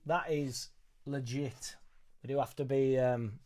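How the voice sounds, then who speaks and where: A young man hosting a live football reaction stream, reading viewer messages in an excitable, sweary, joking way. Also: medium pitch, takes it slowly. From Leeds, England. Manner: excitable, sweary, banter-filled. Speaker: football fan channel host.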